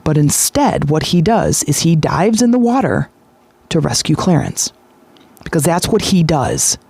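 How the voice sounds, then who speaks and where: A man hosting a podcast, retelling a story in a lively, chatty way with frequent fillers. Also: on the high side, unhurried, gravelly, slightly rough, no echo. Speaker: podcast host. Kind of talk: casual storytelling monologue.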